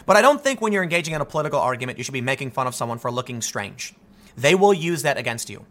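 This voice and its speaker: A man giving an animated, argumentative political commentary monologue, often restarting his sentences. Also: medium pitch, racing.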